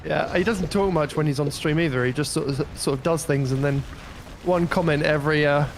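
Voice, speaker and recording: A man co-casting a strategy game tournament, talking in a relaxed, somewhat hesitant way and laughing along. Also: on the high side, a little fast, slight background noise. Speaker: co-caster. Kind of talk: casual esports commentary.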